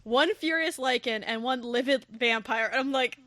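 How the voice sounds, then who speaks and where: A woman's voice: moderate pace, no echo, clean studio sound. A woman hosting a podcast, chatting casually about a book and acting out its lines with big swings in her voice. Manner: animated, acts out quotes with big pitch jumps. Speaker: podcast host. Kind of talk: casual book discussion chat.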